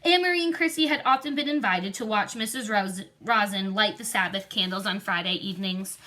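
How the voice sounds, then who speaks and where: A woman's voice: medium pitch, fairly quick, sharp tone. A woman reading a children's novel aloud expressively, with occasional slips and restarts. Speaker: reader.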